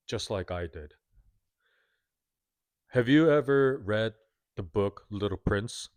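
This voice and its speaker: A man's voice: lowish voice, dry recording, clean studio sound. A man in his thirties giving a candid, self-critical, earnest confessional monologue to his viewers. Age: 30s. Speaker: vlogger.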